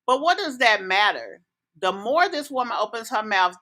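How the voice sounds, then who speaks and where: A woman's voice: on the high side, big pitch swings, normal speed, bright, forceful tone. A woman hosting a reaction commentary video, indignant and scolding as she speaks straight at the person she criticizes. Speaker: commentary host.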